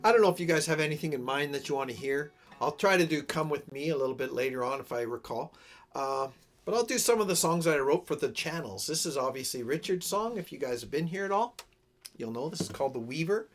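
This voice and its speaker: A man's voice: fairly high pitch, expressive, fast talker, faint music behind. Rambling man chatting on a live stream. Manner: rambling, self-deprecating, easily distracted. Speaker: livestream host and singer-songwriter. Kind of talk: casual live-stream chat.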